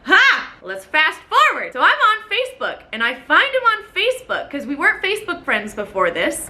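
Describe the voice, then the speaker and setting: A woman vlogger telling a personal story in an animated, dramatic way, acting out what people said. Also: extremely high pitch, normal speed, few pauses. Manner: animated, dramatic, acts out quotes. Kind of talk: storytelling vlog.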